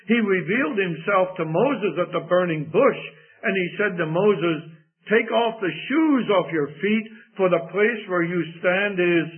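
A man preaching a sermon, quoting scripture slowly and with solemn emphasis. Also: high voice. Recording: tinny phone-like recording.

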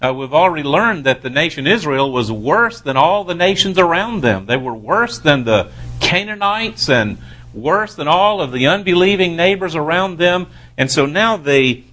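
A man teaching a verse-by-verse Bible study, reading scripture aloud and pausing to explain it with careful, deliberate emphasis. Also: a little high, expressive, a bit bright.

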